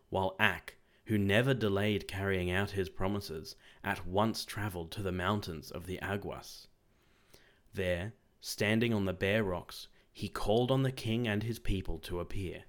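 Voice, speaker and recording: A man narrating an audiobook with a lowish voice. He reads steadily, pausing between short phrases. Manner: measured, phrase-by-phrase reading. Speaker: audiobook reader.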